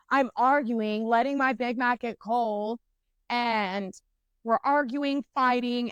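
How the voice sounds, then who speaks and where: A young woman co-hosting a casual podcast. Her voice is a bit high and very clear, her talk blunt, swear-heavy and self-mocking, full of restarts as she tells the story. The sound is close and dry. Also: dry recording. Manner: profane, candid, self-mocking; rambling with frequent fillers and restarts. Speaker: podcast co-host.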